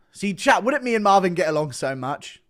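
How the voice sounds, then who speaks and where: A man's voice: a little high, sing-song, moderate pace, fairly bright tone. A man hosting a livestream, talking bluntly to his chat and reading donations. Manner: blunt, profane, talks to chat. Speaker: livestream host. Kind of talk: livestream commentary.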